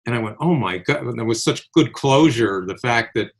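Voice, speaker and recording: An older man reminisces in an easygoing, conversational way. His voice sits in an ordinary middle pitch. He brings his stories alive by slipping into the voices of the people in them. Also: a little fast. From Connecticut, USA. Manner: animated anecdotal storyteller, acts out quoted voices. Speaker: podcast co-host. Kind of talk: casual reminiscing storytelling.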